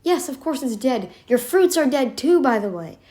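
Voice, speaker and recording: A woman with a slightly high voice talks straight to her viewers in a casual commentary. She is emphatic and sarcastic, and she keeps piling up rhetorical questions. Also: very animated, moderate pace, darkish tone. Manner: sarcastic, addresses listeners directly. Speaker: reaction channel host.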